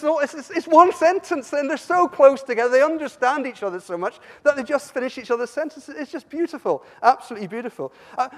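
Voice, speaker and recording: A man from Somerset preaching a sermon, animated and emphatic, often stumbling and restarting his words. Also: high-pitched. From Somerset, England. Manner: animated, rising to emphatic peaks, frequent stammered restarts. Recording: long hall reverb.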